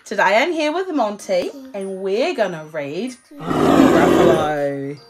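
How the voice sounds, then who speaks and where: A woman's voice: medium pitch, takes it slowly, heavy background noise. A woman with a New Zealand accent, cheerfully reading a children's book aloud to her child. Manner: cheerful and animated, speaking to a child.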